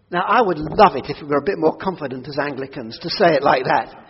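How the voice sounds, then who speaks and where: Husky-voiced man preaching in a reverberant hall. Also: sits high, moderate pace, hardly any pauses. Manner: earnest, swings from quiet prayerful asides to loud emphatic declarations. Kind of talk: sermon. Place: church hall. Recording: dull audio with long hall reverb.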